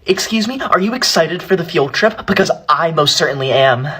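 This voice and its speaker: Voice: medium pitch, lively intonation, moderate pace, bright, forceful tone, husky. A performer playing a prissy, self-righteous schoolkid who is always telling on classmates. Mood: indignant. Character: smug tattletale know-it-all schoolkid, teacher's pet. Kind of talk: comedy skit acting.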